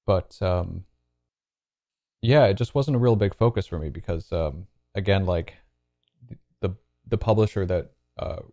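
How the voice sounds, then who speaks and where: Low gravelly-voiced man, thoughtful guest. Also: unhurried, pauses often, dark tone, dry recording, highs cut off. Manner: thoughtful, hedging with fillers. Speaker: podcast guest, author. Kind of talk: casual interview talk.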